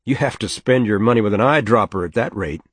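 Man doing a curt saloon keeper, blunt, impatient, low dry voice. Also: animated, fast, breathy edge, no room sound. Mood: gruff. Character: gruff male saloon owner, blunt and impatient.

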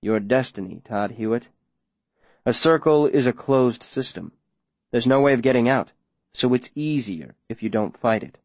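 A man voicing a calm, controlling older mayor who speaks slowly and with quiet command, in an audiobook reading. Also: medium pitch, no echo, natural voice. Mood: menacing calm. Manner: slow, measured, quietly commanding. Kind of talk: audiobook character voice.

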